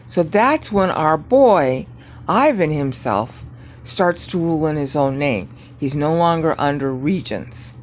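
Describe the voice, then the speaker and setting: A woman teaching Bible prophecy in a rambling screen-share lecture, often checking in with "okay?" and grumbling at her software. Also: deep voice, a little hiss or hum. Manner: digressive, frequent "okay?" checks, irritated asides at software.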